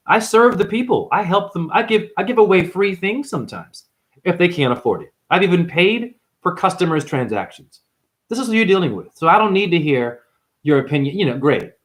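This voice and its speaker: A man's voice: fairly high pitch, very animated, moderate pace. A man hosting a numerology video, ranting to camera in a confrontational, preachy way and calling viewers honey. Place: apartment.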